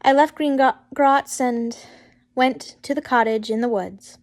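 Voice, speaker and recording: Woman, fan fiction reader, casual and chatty, a little high voice, breaks off to joke. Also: unhurried, a little mellow. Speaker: fanfiction reader.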